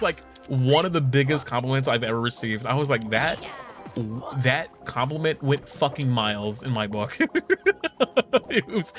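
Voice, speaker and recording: Swearing, laughing young man streamer. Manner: candid, swears often, laughs a lot; jumps into high mocking voices for quoted people. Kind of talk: casual chat while gaming. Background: game music.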